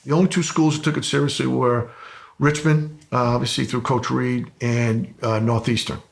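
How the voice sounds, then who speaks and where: A man, a high school football coach, telling earnest stories in a documentary interview. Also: little pitch movement, moderate pace, creaky. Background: music.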